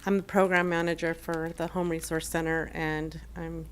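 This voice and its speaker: At a city council meeting, a shelter program manager offers emotional, earnest public comment from the council chamber, stumbling through fillers and restarts. Her low voice shows little pitch movement and keeps a moderate pace, with a little hiss or hum on the audio.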